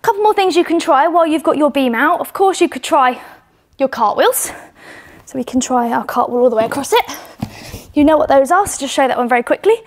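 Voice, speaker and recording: Upbeat high-voiced woman coaching kids. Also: lively intonation, brisk. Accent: British. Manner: encouraging, upbeat, breathy while exercising. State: out of breath. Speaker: children's gymnastics coach. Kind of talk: demonstrating exercises to children. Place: home indoors.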